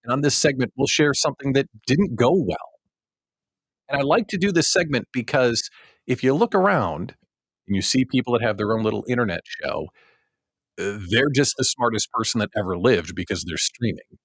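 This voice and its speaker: Male host, animated storyteller with a husky, swooping voice, dry close sound. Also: medium pitch, normal speed, no echo. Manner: animated storyteller, self-mocking, acts out his own past thoughts. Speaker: host of a small business show. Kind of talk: casual livestream monologue.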